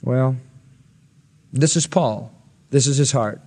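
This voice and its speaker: A man's voice: medium pitch, slow pace, darkish tone, husky, in a large hall. A male pastor preaching an expository sermon, earnest and rising to emphatic peaks when quoting scripture.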